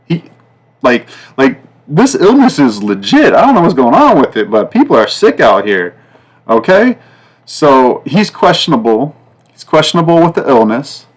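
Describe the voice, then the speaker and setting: A man hosting a sports betting podcast in a loose, rambling way, full of fillers and repeats, with sudden jumps up and down in pitch and loudness. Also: sing-song, normal speed. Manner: rambling, repetitive, fillers like "like" and "guys"; pitch and loudness swing up and down from line to line. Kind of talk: casual betting talk.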